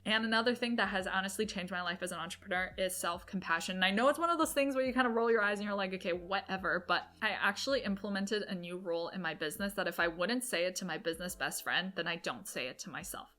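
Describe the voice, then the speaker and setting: Young woman vlogging business tips, chatty and upbeat, quick little asides, medium pitch. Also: sharp tone. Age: 20s. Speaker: entrepreneur vlogger. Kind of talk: casual talk-to-camera advice.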